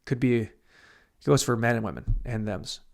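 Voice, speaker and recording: A young man talks alone into his podcast mic at home, drifting from topic to topic with crude, swear-laden jokes. He mocks himself as he goes, and his voice sits at an ordinary middle pitch. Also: moderate pace, gravelly. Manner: crude, rambling, self-mocking, swears freely. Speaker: podcast host. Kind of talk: solo podcast rant. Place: home studio room.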